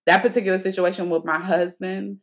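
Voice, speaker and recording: A woman's voice: on the low side, level tone, a little fast. A young adult woman hosting a podcast, telling a personal story in a candid, chatty way, laughing often and tossing slangy asides to the listener. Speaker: podcast host. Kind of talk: casual storytelling monologue.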